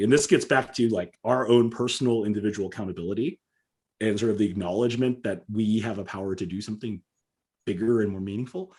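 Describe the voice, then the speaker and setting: Podcast guest: a man from Southern California with a mid-range voice, earnest and emphatic, fillers throughout. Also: medium pitch. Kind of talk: conversational interview.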